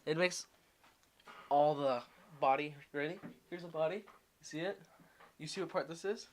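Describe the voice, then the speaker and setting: Young guy on a podcast, kinda higher voice, swears a lot and cracks up constantly. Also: normal speed. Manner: swears freely, laughs often, jokey. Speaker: podcast co-host. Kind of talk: casual chat.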